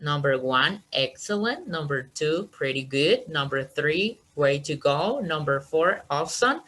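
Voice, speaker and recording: A woman's voice: low voice, animated, unhurried, fairly bright tone, low-quality recording. A woman teaching an online English class, encouraging her students and checking understanding with "okay?" after each point.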